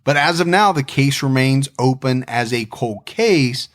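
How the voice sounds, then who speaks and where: A man's voice: mid-range voice, animated, a little slow. A man co-hosting a podcast, talking in a reflective, conversational way with frequent restarts. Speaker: podcast co-host. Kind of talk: casual podcast chat.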